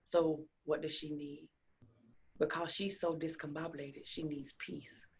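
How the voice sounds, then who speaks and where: A woman guest in an interview, telling stories and acting out quotes, her voice swinging from soft near-whispers to loud exclamations. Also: low-pitched, unhurried, slight background noise. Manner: animated storyteller who acts out quotes, dropping to a whisper and rising to near shouts. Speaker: interview guest, speaker and coach. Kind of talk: casual interview chat.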